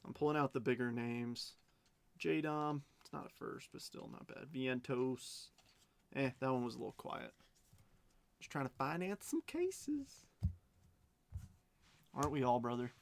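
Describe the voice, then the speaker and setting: A man's voice: medium pitch, flat delivery, moderate pace, gravelly, clean tone. A man hosting a live card break stream, chatting as he calls out cards and bids. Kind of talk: live stream auction chat.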